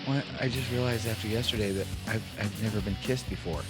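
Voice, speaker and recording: A mopey young woman whines about what she has missed, as a man puts her on in a joke. He lifts his voice a little for her, and music plays clearly in the background. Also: on the low side, fast, close to an everyday voice. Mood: sad. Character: sad young woman on a beach.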